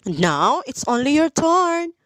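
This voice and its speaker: A woman's voice: high-pitched, big pitch swings, fairly bright tone, no echo. A woman teacher leading a phonics reading lesson for young children, drilling sounds and praising often. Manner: slow, sing-song drilling with praise.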